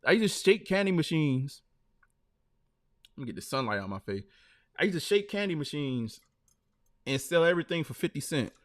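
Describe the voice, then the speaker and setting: His voice is a little high, with big pitch swings, normal speed, and frequent pauses. He's hosting a casual live stream, telling stories loosely and leaning on fillers like "man" and "like."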